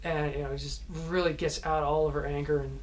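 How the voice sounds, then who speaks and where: In a loose storytelling mood, the actor recalls moments from a film shoot, often laughing and leaning on fillers and restarts as he rambles. He speaks a little fast in a level tone, his voice a little high.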